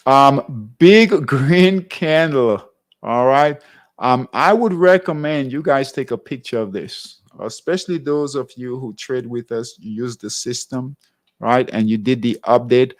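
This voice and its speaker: A man's voice: medium pitch, unhurried. Guy running a live trading lesson, casual, keeps saying all right? to viewers, mid-range voice. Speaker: trading show host. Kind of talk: live trading class walkthrough.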